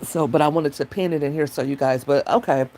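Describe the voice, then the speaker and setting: A woman hosts a laid-back livestream and talks straight to her viewers in a mellow, warm voice. She rambles from one thought to the next and reads comments from the chat aloud. She is talking into a phone. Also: deep voice, a little fast, a little hiss or hum. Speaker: livestream host.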